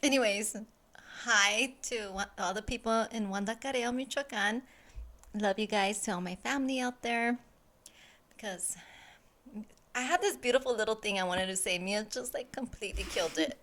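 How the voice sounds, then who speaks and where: A chatty woman co-hosting a casual podcast, her voice sitting a little high. She talks fast and breaks into loud laughter easily. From family from Mexico. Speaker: podcast co-host. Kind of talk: casual chat.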